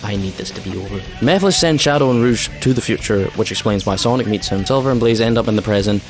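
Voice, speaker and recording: A man's voice: on the low side, fast, over music. A man casually recapping a game story, sarcastic and exasperated. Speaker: game commentator.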